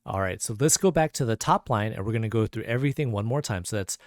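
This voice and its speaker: A man's voice: fairly low pitch, animated, fast, hardly any pauses, no room sound, studio quality. A man teaching a pronunciation lesson, patiently repeating each sound several times. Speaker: language teacher.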